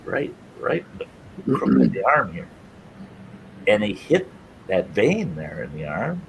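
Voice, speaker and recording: A middle-aged man spinning a yarn from his youth, chuckling along the way. His pitch swings widely as he gets into it, over a faint hiss behind him. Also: rough recording. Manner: animated, laughs through his story. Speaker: storytelling host. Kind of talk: casual spoken storytelling.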